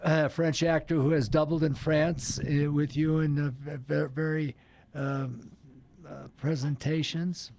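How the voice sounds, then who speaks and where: A man's voice: on the high side, level tone, gravelly, a little mellow. Rambling older man hosting radio. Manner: rambling, halting, jokey. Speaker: show host. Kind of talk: casual radio chat.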